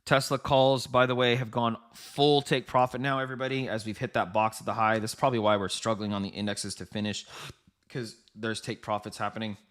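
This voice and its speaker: A man with a lowish, flat voice and a fairly bright tone hosts a live trading stream at a brisk clip. He chats casually about the markets, laughs a lot, and speaks straight to his viewers.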